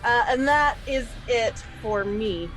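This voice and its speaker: A woman's voice: a little high, slow, a bit bright, soft background music. A woman playing a tabletop game, chatty with many fillers and laughs. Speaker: player. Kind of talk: casual tabletop game play.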